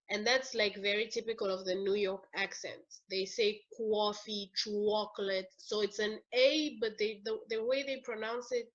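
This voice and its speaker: A woman explaining accents in a casual lesson, slow and thoughtful, with many fillers and restarts. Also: a little high, dull audio. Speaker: language teacher.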